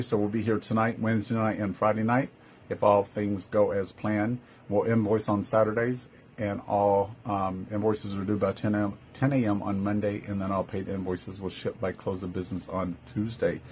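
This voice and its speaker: A man's voice: on the low side, slight background noise. A man with a Texan accent hosting a live-stream jewelry sale, chatty, greeting viewers by name and calling them love. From Texas. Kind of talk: live-stream sales chat.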